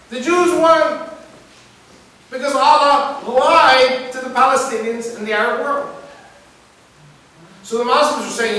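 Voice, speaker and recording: A high, bright-voiced man addresses a crowd in an animated preaching style, firing questions at them and spinning anecdotes. He is heard from some way off in a very echoey hall, with a faint hiss under the recording. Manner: animated, asks the audience questions and tells stories. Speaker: speaker addressing an audience. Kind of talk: preaching-style talk to a live audience. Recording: echoey room picked up from a distance with hiss.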